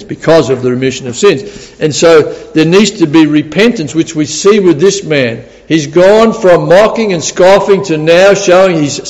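A man's voice: a little high, darkish tone. Chuckling preacher man in a reverberant hall. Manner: chatty storytelling, laughs often, repeats words. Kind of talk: sermon.

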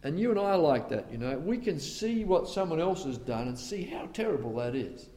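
A man's voice: fairly high pitch, very animated, brisk. Male preacher, conversational asides, dramatic dynamics, ringing hall reverb. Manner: dramatic swings from loud outbursts to hushed tones; conversational asides between scripture quotes. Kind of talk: sermon. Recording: long reverb of a large hall.

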